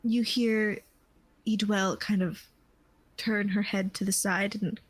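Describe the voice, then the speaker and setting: Slow, soft-spoken woman game master. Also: medium pitch, level tone, no room sound, rough recording. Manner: unhurried, with many fillers and restarts. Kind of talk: narrating a tabletop game.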